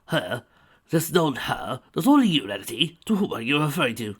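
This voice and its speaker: A polished, courteous stallion husband, voiced by a man in a read-aloud fan story. He pleads with well-mannered calm, his pitch moving freely. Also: moderate pace, husky, heavily acted. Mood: pleading.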